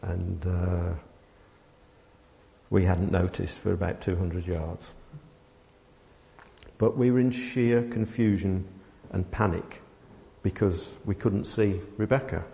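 A man preaches in a low, mellow voice, telling a story in a halting way with many fillers. The sound is dull and muffled. A long reverb trails each phrase, as in a large hall. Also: steady tone, vocal fry. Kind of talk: sermon with a personal story.

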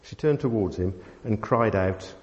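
A man preaching a sermon, telling a family story with many pauses and fillers. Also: lowish voice. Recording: dull sound in a long-reverb hall.

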